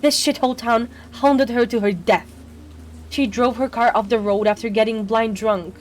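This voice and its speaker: A woman's voice: on the high side, fairly even intonation, normal speed, faint music behind, lightly acted. A woman voicing an angry young woman in a video game, ranting bitterly about her hometown. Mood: furious.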